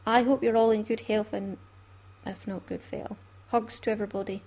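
Scottish lady chatting on her craft podcast, breathy voice, laughs a lot. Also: medium pitch, steady tone, moderate pace, mellow. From Scotland. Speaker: podcast host. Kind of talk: casual chat.

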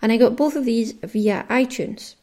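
Her voice is fairly high, a little mellow, and at normal speed. She's a podcast host from Caithness in the far north of Scotland, chatting casually by herself in a Caithness accent and reading off listener names.

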